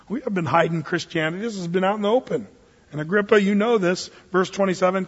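A man's voice: high voice, quick pace. A man preaching an expository sermon as a pastor, in a conversational, folksy style with dramatic Bible readings. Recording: dull lo-fi recording with long reverb.

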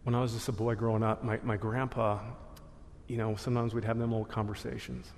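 A man's voice: mid-range voice, little pitch movement, brisk, gravelly, a little mellow, a little hiss or hum. A man giving a church testimony in a loose, casual storytelling way, full of slang and laughing at himself. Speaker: guest speaker sharing testimony. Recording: long hall reverb.

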